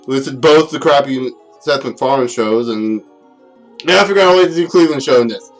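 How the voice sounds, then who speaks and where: A man's voice: mid-range voice, brisk, faint music behind. Rambling young man reviewing a game. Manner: rambling, laughs often, self-deprecating asides. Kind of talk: unscripted casual review.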